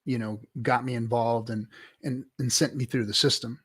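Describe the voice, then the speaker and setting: A man's voice: mid-range voice, fairly even intonation, normal speed, fairly bright tone, husky. A man in a casual livestream debate, explaining his view emphatically and step by step.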